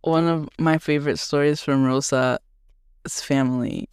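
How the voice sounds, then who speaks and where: An eager podcast co-host whose voice is smooth but has a gravelly edge in places. The sound is close and dry, with no room in it. The talk is loose and friendly. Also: medium pitch, fairly even intonation, a little slow, darkish tone, no echo. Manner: enthusiastic, quotes scripture. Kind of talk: casual chat.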